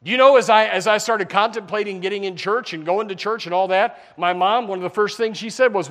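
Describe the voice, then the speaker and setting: A folksy preacher man delivering a sermon, his voice sitting a little higher than most men's. He talks plainly and casually, slipping into mocking impressions of the people he is describing. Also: brisk, few pauses, fairly bright tone. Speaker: pastor.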